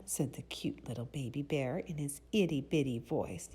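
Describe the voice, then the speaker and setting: A woman reading a picture book aloud to children in a soft, breathy, expressive way, pausing to ask them questions. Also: very deep voice. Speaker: children's storyteller.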